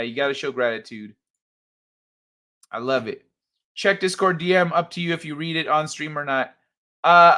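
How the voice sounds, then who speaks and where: Bright-voiced man hosting a late-night stream. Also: on the high side. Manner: laid-back, chuckling, reading chat aloud. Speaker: livestream host.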